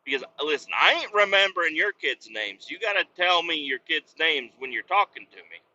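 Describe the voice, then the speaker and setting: A man's voice: fairly high pitch, big pitch swings, a little fast, sharp tone, highs cut off, a little hiss or hum. Rambling, foul-mouthed comedic man. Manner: rambling, profane, jokey. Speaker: podcast host.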